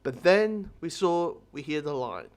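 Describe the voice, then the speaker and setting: A man giving a casual spoken review of a TV episode, rambling and excitable and swearing freely. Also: on the high side, measured pace. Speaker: TV show reviewer.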